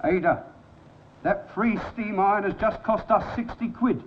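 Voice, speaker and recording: An actor playing a harassed, flustered shopkeeper husband in a 1960s television sitcom. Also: male voice, high-pitched, unhurried. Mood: exasperated. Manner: flustered and pleading. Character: harassed, put-upon middle-aged shopkeeper husband. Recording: dull old TV soundtrack with hiss.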